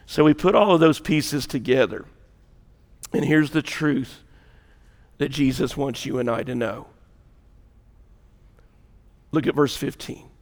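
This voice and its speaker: A male pastor preaching an impassioned sermon, rising loud and dropping to a hush. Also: medium pitch, measured pace, pauses often, long reverb tail. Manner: impassioned, swings between loud and hushed.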